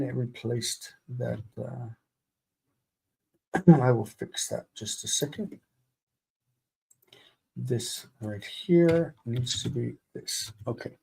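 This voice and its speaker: A man teaching a live-streamed grammar lesson, speaking deliberately and repeating words for students to drill. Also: medium pitch, creaky, mellow, husky. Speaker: Hebrew teacher.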